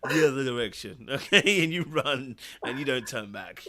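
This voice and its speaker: A man's voice: medium pitch, expressive, normal speed, sharp tone. A man with a South London accent co-hosting a casual podcast panel, playful and repeating catchphrases. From London, England. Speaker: podcast co-host.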